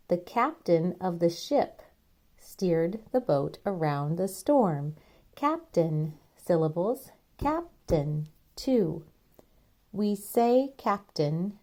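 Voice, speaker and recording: A woman teaching spelling, dictating words and sounding out each syllable deliberately. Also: on the low side, mellow. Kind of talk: slow spelling dictation lesson.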